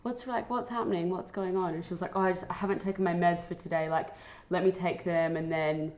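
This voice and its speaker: Chatty low-voiced woman recalling a friend. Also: flat delivery, fast talker, a little mellow. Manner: chatty, many fillers like "like". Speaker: interviewed friend. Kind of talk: casual interview.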